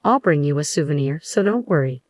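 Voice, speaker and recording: A woman's voice: low-pitched, expressive, brisk, darkish tone, no room sound, studio quality. A woman voicing a selfish, complaining husband in a narrated story. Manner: petulant, dismissive.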